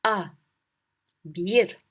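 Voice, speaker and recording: A woman's voice: medium pitch, extremely slow, slightly rough, muffled recording. A woman teaching a spoken language lesson, encouraging and drilling words again and again with little memory stories.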